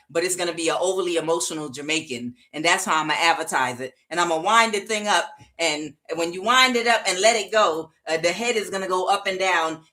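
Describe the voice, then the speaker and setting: A woman's voice: on the low side, bright, forceful tone. A woman giving a casual tarot reading, chatty and rambling, with frequent fillers and laughter. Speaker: tarot reader.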